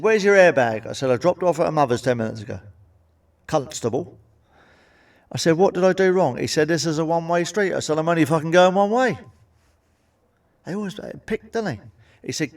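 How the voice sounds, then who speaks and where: A middle-aged man doing a crude stand-up comedy routine, swearing freely and landing deadpan punchlines. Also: a little high, distant mic.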